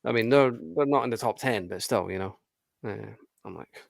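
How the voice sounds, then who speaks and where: A Scottish man of about forty with a lowish voice, recorded close and dry. He co-hosts a casual podcast chat, grumbling wryly and swearing as he goes. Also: normal speed, creaky, dry recording. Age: around 40. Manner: wry, grumbling, swears, laughs often. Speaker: podcast co-host.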